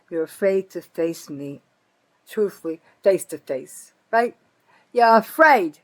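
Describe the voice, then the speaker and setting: A woman's voice: lively intonation, slow, low-quality recording. Angry older New woman ranting. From North Jersey, USA. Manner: bitter, profane, swings from loud outbursts to low muttering. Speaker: vlogger. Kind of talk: angry political rant to camera.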